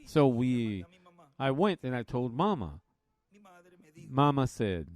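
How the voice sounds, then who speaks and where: A man preaching a Bible study, slowly retelling a story and quoting others in a plain, folksy way. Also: medium pitch, very animated, a little mellow.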